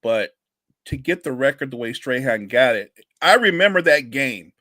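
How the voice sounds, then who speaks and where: A man's voice: mid-range voice, expressive, moderate pace, pushed and bright, dry recording. A man co-hosting a sports podcast, giving emphatic, opinionated takes in casual talk.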